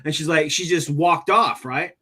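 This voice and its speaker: A man's voice: fairly high pitch, normal speed. A man hosting a live stream, telling a story in casual chat, swearing freely and acting out angry quotes. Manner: profane, animated, acts out angry quotes. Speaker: stream host.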